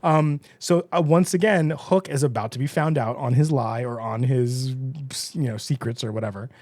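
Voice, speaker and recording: A man hosting a podcast, casually recapping an episode, chatty and quick to laugh, slipping into brief character voices. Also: mid-range voice, darkish tone, no echo. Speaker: podcast host.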